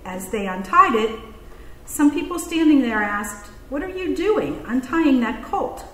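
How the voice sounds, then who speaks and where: A woman giving the scripture reading at a church service in a measured, clear way. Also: high-pitched, lively intonation, roomy sound, long reverb tail, poor audio. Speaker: scripture reader.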